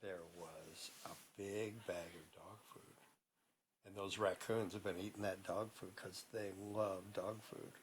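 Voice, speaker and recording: Animated man telling a child a story. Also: deep voice, a little slow, a little hiss or hum, poor audio. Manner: animated, asks the listener questions, laughs along.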